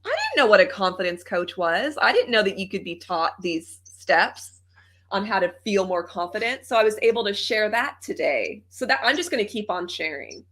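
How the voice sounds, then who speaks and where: An upbeat woman talks as a guest in a conversational interview. Her voice is bright and forward, and she laughs easily between points. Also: mid-range voice, big pitch swings, normal speed. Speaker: podcast guest and coach.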